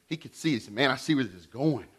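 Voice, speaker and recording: A middle-aged man preaching a sermon in an animated way, swinging between loud and hushed delivery. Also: medium pitch, rapid-fire, breathy edge. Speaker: pastor.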